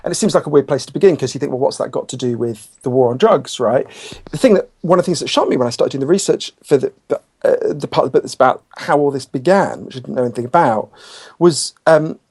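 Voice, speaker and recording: Author guest, man, slightly raised pitch, has a cold, frank and intense. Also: fast talker, darkish tone, husky. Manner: passionate, candid, with frequent restarts. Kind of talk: conversational interview.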